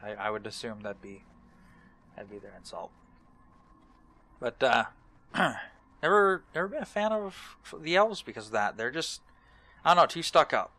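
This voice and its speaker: A man's voice: medium pitch, very animated, moderate pace, pauses often, bright, forceful tone. A young man giving casual, rambling gaming commentary, hesitant and self-deprecating. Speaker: let's play host.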